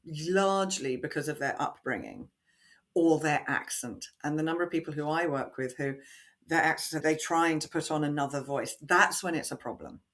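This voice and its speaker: A woman voice coach answering podcast interview questions in an expressive, animated way, acting out the lines she quotes. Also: low voice.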